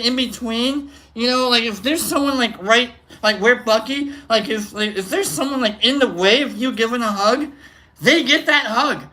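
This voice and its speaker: Livestreamer giving chat shoutouts, super bright voice, goofy and rambly, pitch all over the place. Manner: rambling and goofy, with many fillers and big swings in pitch. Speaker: livestream host. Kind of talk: casual live-stream chat with viewer shoutouts.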